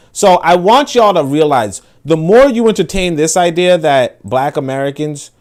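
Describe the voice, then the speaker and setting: A man's voice: a little high, lively intonation, normal speed, few pauses. Rambling, profane male commentator. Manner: rambling and profane, heavy with filler words. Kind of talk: casual commentary on online clips.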